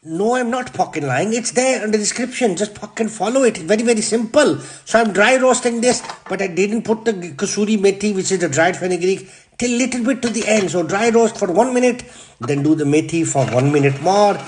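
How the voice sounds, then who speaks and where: A man with a Yorkshire accent gives a comic cooking demonstration. His voice sits high for a man. He is brash and deadpan, with swearing in almost every other line. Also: a little fast, slight background noise. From Yorkshire, England. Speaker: cooking show host.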